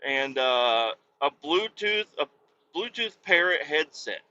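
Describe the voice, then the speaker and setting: A man rambling and cursing in a casual monologue while driving his truck down the highway, with sudden loud outbursts. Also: big pitch swings, slow, highs cut off. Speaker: podcast host.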